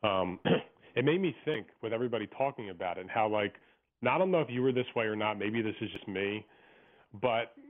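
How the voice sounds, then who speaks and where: A man's voice: on the low side, expressive, a little fast. Male caller from Philadelphia, rambling opinionated rants, narrow phone-line sound. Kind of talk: phoned-in radio chat. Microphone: telephone. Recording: tinny phone line on radio.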